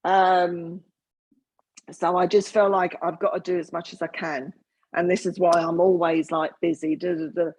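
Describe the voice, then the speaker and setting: A woman serving as a spiritualist medium speaks in a low, husky voice. She talks in a halting, earnest way, full of fillers and restarts as she gives her reading. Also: flat delivery, a little mellow.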